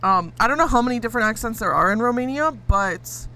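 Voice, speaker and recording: Bright-voiced streamer with American-Indian accent. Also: female voice, fairly high pitch, animated, quick pace. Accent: mix of American and Indian English. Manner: rambling, lots of fillers, giggly. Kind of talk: casual chat with viewers while gaming.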